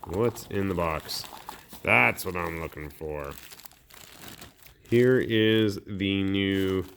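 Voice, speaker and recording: A man's voice: sits low, extremely slow, creaky, fairly bright tone, a little hiss or hum. A man hosting his miniatures hobby channel, chatting casually and thinking aloud as he unboxes and inspects model parts.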